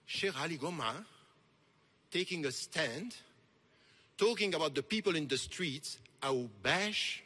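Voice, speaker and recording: A man's voice: on the high side, expressive, measured pace, long pauses, husky. Impassioned man. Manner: impassioned, emphatic, rising to forceful peaks. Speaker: speaker. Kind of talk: conference lecture. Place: large lecture hall.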